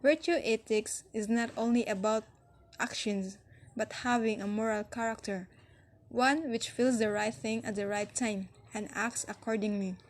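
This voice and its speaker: A woman's voice: on the high side, fairly even intonation, normal speed. Woman reading lesson headings aloud. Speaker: student presenter.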